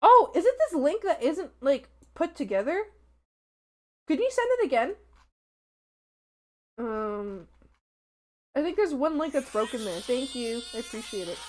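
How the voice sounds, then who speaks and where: A young woman streamer chatting casually with her viewers. Her voice sits fairly high and swings widely in pitch as she talks, and she laughs easily and stays animated. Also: a little slow, long pauses. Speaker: art streamer. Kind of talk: casual live-stream chat.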